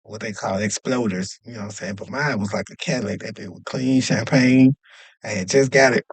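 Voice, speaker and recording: A man telling a story in a casual, animated and profane way, often checking in with "you know what I mean". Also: fairly low pitch, fairly quick, breathy edge, no room sound. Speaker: podcast host telling a story.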